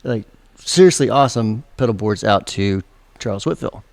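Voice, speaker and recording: Gravelly, rambling man on a podcast. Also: on the low side, lively intonation, moderate pace, darkish tone. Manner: rambling, uses sound effects. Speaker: podcast co-host. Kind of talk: casual chat.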